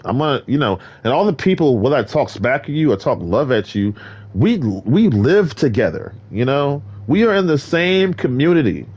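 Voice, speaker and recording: A man's voice: medium pitch, sing-song, moderate pace, a little mellow, slightly rough. A man streaming a game, talking straight to his viewers in a boastful, preachy, rambling way from a carpeted room. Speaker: gaming streamer. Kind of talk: rambling solo stream talk. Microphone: desk mic in a carpeted room.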